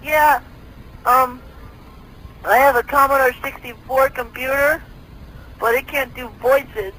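A man's voice: very high voice, fairly even intonation, slow pace, sharp tone, husky, full character voice, rough recording. A man voicing a whiny young male caller on a prank call, indignant and accusing.

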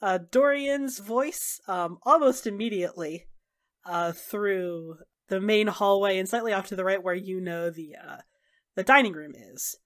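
A woman narrating a tabletop role-playing game as game master, in a relaxed way with many fillers. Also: mid-range voice, unhurried. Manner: relaxed, filler-heavy storytelling.

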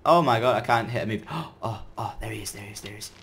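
A man giving chatty, excitable commentary as he plays a game, breaking into sudden loud outbursts. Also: fairly low pitch, quick pace, a little hiss or hum. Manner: chatty running self-talk while playing. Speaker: gaming video creator. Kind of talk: let's-play gameplay commentary.

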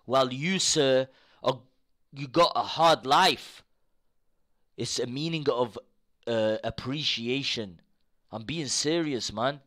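Bright-voiced ranting young male streamer. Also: medium pitch, slow pace, long pauses. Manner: swears freely, swings between mutter and outbursts; repeats himself insistently. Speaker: live streamer. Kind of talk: casual rant to chat.

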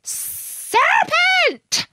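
Lady doing a high shrieky mother pigeon, scolding and contemptuous, very dry sound. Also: wildly swooping pitch, takes it slowly, fairly bright tone, dry recording, exaggerated voice. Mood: shrieking. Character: frantic shrieking female pigeon guarding eggs. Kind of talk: storybook read-aloud.

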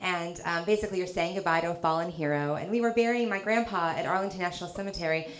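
A woman from the South, performing a stand-up comedy set with a dry, teasing delivery and quick punchlines. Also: fairly low pitch. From American South. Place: comedy club stage. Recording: live club with loud crowd laughter. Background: audience laughter.

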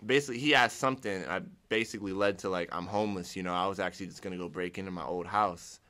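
Rapid-fire and forceful, this young Ohioan's low, bright voice carries his personal testimony. It comes out casual and rambling, with restarted sentences and acted-out recollections of his own words.

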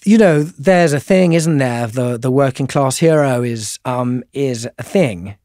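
A man's voice: medium pitch, measured pace, dark tone, no echo, studio quality. A middle-aged man with a posh English accent, chatting as an interview guest in a rambling, self-deprecating way. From England. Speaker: guest musician. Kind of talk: casual interview conversation.

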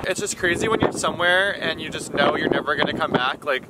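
A man in his twenties, chatting excitedly to a handheld camera on a solo road trip. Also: on the high side, fast. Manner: excitable and chatty, talking to himself on a solo drive. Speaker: vlogger. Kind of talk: casual travel vlog talk to camera. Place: in a car and outdoors on rural roads. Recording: audible car and outdoor noise.

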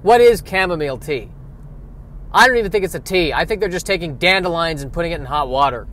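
Rambling deadpan man in a car. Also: on the high side, quick pace, slight background noise. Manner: deadpan, self-deprecating, wandering asides. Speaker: podcast host. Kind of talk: rambling solo comedic monologue. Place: in a vehicle by the street.

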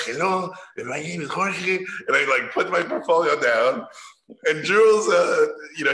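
A middle-aged man from Mexico telling stories at a talk, animated and laughing as he acts out the people he quotes. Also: on the high side. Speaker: guest animator. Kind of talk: casual storytelling at a talk. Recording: roomy echo.

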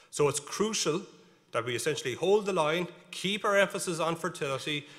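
A man's voice: on the high side, fairly bright tone. A man with an Irish accent giving a conference talk on cattle breeding, emphatic and explaining step by step. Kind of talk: conference presentation with slides. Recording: reverberant hall.

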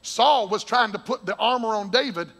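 A male preacher with a very high, bright voice, raspy and gravelly, who swings between fervent shouts and quiet storytelling. He preaches in a church sanctuary, and a long reverb rings after each phrase. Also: moderate pace. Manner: shouting, excitable, and laughing between points. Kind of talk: Pentecostal sermon.

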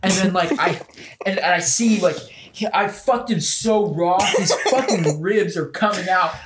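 A man's voice: high voice, measured pace. A man hosting a casual podcast, telling a crude, rambling story through laughter. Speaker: podcast host. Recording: echoey room with background noise.

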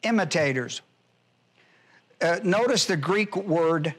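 Pastor, man, higher-pitched, teaching verse by verse with heavy emphasis and repetition. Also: slow, long pauses, fairly bright tone. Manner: emphatic, repeats key phrases, spells out Greek words. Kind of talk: expository Bible teaching.

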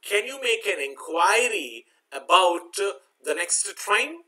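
A man's voice: high-pitched, big pitch swings, slow, bright, forceful tone, poor audio. A man teaching a vocabulary lesson, spelling words out letter by letter and repeating each point with "okay". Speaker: English teacher. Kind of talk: exam-prep vocabulary lesson.

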